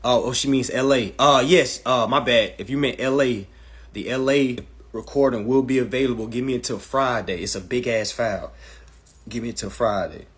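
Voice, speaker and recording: A man in the middle of a casual live stream, talking to his chat in a blunt and profane way. His voice sits at an ordinary pitch, and he rants at the viewers as he goes, recorded on a phone. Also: moderate pace, a bit bright. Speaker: live-stream host teaching a class.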